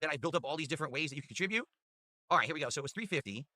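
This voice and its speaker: A man's voice: on the high side, expressive, rapid-fire, pushed and bright, dry recording, studio quality. A man livestreaming, thanking donors and boasting in a chatty, casual way.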